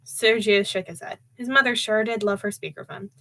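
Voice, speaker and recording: A woman's voice: mid-range voice, normal speed, vocal fry, sharp tone, low-quality recording. Chatty young woman reading aloud. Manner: chatty, with fillers and laughs between reading. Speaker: audiobook reader and streamer. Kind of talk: casual live-stream chat and storybook narration.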